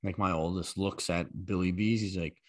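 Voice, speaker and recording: A man in his thirties, a podcast co-host, telling profane, animated stories in casual chat. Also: low-pitched, normal speed, no room sound.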